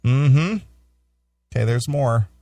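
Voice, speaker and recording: A man's voice: mid-range voice, slow, mellow, distant mic, slight background noise. A male podcast co-host in casual chat who rambles, often restarting his sentences. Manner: rambling, with restarts and acted-out quotes.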